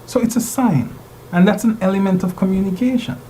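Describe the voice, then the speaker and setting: Mellow-voiced male instructor lecturing a class. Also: sits high, a little fast, slight background noise, rough recording. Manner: engaging, asks the class rhetorical questions.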